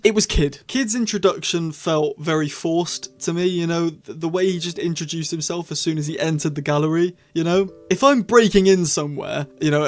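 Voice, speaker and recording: A man talking casually in a solo review, rambling with self-corrections and apologetic asides. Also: a little high. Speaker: YouTube reviewer.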